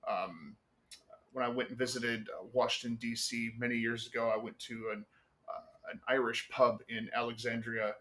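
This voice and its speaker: A man's voice: medium pitch, fairly even intonation, normal speed, fairly bright tone. A man, a guest on a talk show, telling stories in casual chat with lots of fillers and swearing. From United States.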